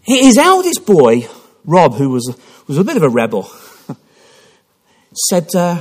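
A man delivers a sermon in a church. His voice is husky and sits a little high. His delivery swings widely in pitch, full of passionate restarts. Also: huge pitch swings, slow pace. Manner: impassioned storytelling with repeated restarts. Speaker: preacher.

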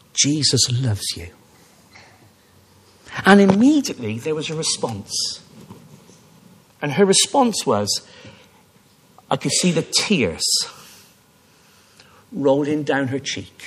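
A man's voice: on the high side, fairly bright tone, breathy edge. A man preaching a sermon in church, emphatic and fervent, with many restarts and repeated phrases. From Wales. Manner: emphatic, rising to fervent repetition with frequent restarts.

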